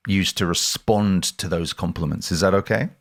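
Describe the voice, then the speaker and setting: Podcast host, male, very deep and relaxed, chatty, dry close mic. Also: moderate pace, no room sound. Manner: casual, chatty, quizzes the teacher. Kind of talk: language lesson podcast.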